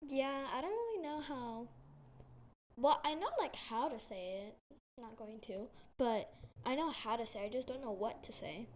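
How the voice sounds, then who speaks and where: High-voiced young woman asking teasing questions. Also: lively intonation, moderate pace, a little mellow, slight background noise. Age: young adult. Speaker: guest interviewer. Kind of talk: casual chat.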